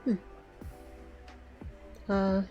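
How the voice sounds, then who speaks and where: A woman's voice: extremely slow, warm tone, muffled recording, soft background music. A woman streamer chatting casually to her viewers while she crafts, muttering to herself with playful baby-talk words.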